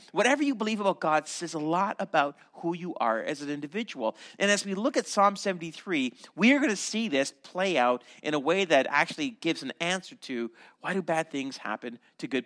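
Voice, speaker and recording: A Canadian man delivers a sermon, teaching with animated asides and the odd restart. His voice is bright and sits a little high for a man. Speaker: pastor.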